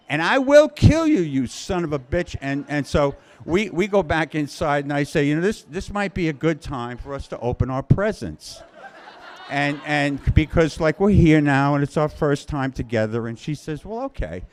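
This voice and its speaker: A man's voice: medium pitch, darkish tone. A man from Queens, telling a personal story live in a wry, conversational, self-mocking way. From Queens, New York.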